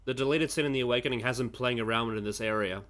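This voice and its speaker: A man's voice: medium pitch, quick pace, a bit bright, slight background noise. A man co-hosting a review show, trading dry, wry remarks in casual chat. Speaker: reaction video co-host.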